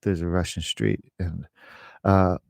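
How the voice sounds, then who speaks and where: A man's voice: deep voice, expressive, takes it slowly, gravelly, dry recording, studio quality. A middle-aged man, an English teacher, chatting casually to camera in a rambling way, with fillers and laughs.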